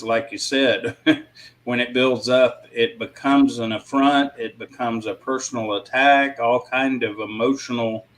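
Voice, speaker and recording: A man in a casual panel discussion, speaking in a reflective way with frequent pauses. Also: mid-range voice, fairly bright tone, low-quality recording.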